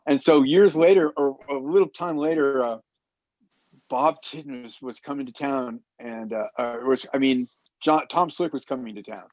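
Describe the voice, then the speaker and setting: A man telling a long anecdote in casual talk, animated and acting out the quoted people as he goes. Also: medium pitch, normal speed, no echo. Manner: animated storyteller who acts out quotes. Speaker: roundtable guest. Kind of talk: casual storytelling. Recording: dull muffled dry sound.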